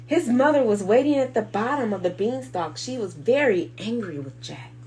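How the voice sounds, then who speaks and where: A woman hosting children's circle time, reading a storybook aloud slowly and expressively, hushed at calm moments. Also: a little high, slight background noise, poor audio.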